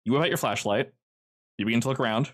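A man's voice: medium pitch, fast, a bit bright. A man running a tabletop game as game master, narrating in a rambling, easygoing way full of fillers.

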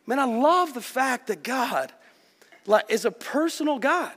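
A man's voice: extremely high pitch, sing-song, normal speed, fairly bright tone. A man preaching a sermon to his church in a conversational, earnest way, often dropping in "like" and "man". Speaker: pastor. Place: church sanctuary. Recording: long hall reverb.

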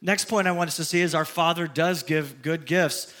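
Midwest guy in his 50s preaching, kinda high bright voice, chatty storyteller. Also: steady tone, normal speed. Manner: storytelling, conversational, earnest. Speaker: pastor. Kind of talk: sermon.

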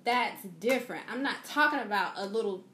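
A woman's voice: a little high, animated, fairly quick, sharp tone, roomy sound. A woman co-hosting a podcast, speaking emphatically and opinionated, with colloquial grammar. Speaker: podcast co-host. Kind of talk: casual podcast chat. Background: faint ambient noise, family sounds.

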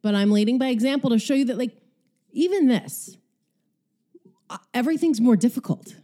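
A woman talks in a loose, rambling way while she works out, short of breath between phrases. Her voice is warm and mellow. She swears freely in a candid, unpolished monologue. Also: a little high, animated, normal speed. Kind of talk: casual monologue while exercising.

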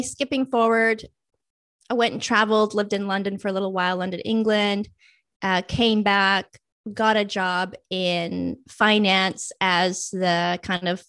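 A woman's voice: mid-range voice, a bit bright, no echo, clean studio sound. A young adult woman, a guest in a casual interview, telling her own story and acting out past thoughts and friends' lines.

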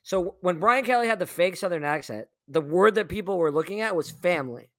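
A man co-hosting a casual sports talk show, excitable and animated, often repeating words as he goes. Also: sits high, fairly quick, dry recording, studio quality. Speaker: podcast co-host.

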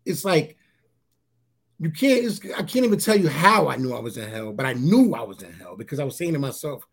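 A man sharing a personal testimony in a casual interview, halting and repeating his words as he tells it. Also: gravelly, slightly rough. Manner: halting, repeats words, often says "you know what I'm saying"; grows animated at high points.

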